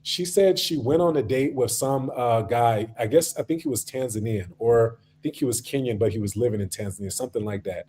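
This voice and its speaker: A man's voice: mid-range voice, brisk, few pauses, dark tone, slightly rough. A man hosting a livestream, arguing bluntly and telling stories in slangy casual talk, acting out quotes. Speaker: livestream host. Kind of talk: casual streamed debate talk.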